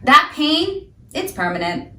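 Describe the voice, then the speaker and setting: This sobriety vlogger gives an emphatic, ranting motivational talk directly to her viewers in a fairly high, bright, forceful voice that turns sing-song at a slow pace. She's recorded from a distance in an echoey room, set back a little from the mic.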